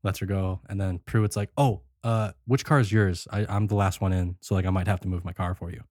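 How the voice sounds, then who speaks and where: A man hosting a casual podcast, retelling a film scene by scene and acting out the characters' lines in quick bursts. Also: low voice, steady tone, a little mellow, no echo, studio quality. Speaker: podcast host recapping a film. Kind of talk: casual chat.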